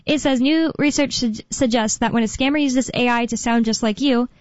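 Woman radio host, fairly high voice, chatty and rambling, dry dull studio sound. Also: a little fast, no room sound. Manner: chatty, rambling, with fillers and laughs. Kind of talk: casual talk radio chat.

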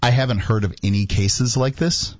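A man co-hosting a call-in radio talk show, explaining things in a measured way with pauses. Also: mid-range voice, fairly even intonation, no echo. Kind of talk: casual radio chat. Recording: dull dry studio sound.

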